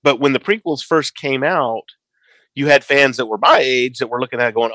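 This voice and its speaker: A man in his forties co-hosting a casual podcast chat, telling stories and acting out quotes with lively emphasis. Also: medium pitch, brisk, no echo. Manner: animated storyteller, acts out quotes. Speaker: podcast co-host.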